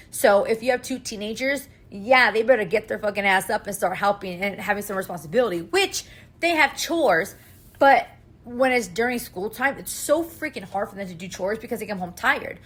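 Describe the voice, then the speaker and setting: A woman's voice: medium pitch, animated, normal speed, slightly rough. A woman in her thirties, a mother of three hosting a podcast, venting emotionally and swearing often in a casual monologue.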